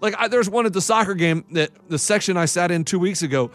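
A man hosting a casual sports talk show, telling stories in an excitable, animated way. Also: high voice, fast, soft background music.

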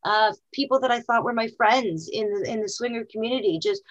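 A woman's voice: a little high, fairly quick, dull audio. A middle-aged woman speaking candidly as an interview guest, emotional and full of fillers and restarts.

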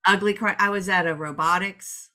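A middle-aged woman co-hosting a podcast, telling stories in a chatty, animated way. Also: mid-range voice, moderate pace. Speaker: podcast co-host. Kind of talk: casual chat.

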